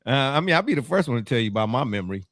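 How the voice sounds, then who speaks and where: A man hosting a casual sports talk show, animated and teasing, laughing often. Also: mid-range voice, very fast, no echo, clean studio sound.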